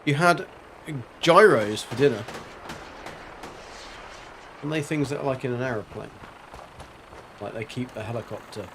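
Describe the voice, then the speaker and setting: A man's voice: medium pitch, unhurried, pauses often, background noise. A man streaming a video game, chatting casually and rambling with jokes and silly sound effects. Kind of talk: casual gameplay commentary.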